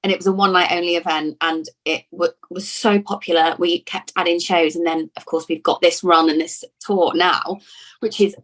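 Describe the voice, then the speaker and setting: A woman's voice: lowish voice, steady tone, moderate pace, fairly bright tone. A woman from Lincoln in England, an actress talking in a casual interview, chatty and full of restarts and repeated words. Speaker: actor being interviewed.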